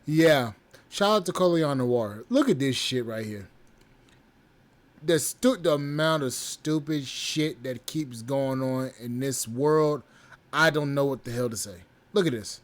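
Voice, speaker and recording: A man's voice: mid-range voice, a little slow. A young man hosting a podcast, talking bluntly and profanely in an exasperated, repetitive way. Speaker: podcast host. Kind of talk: casual commentary.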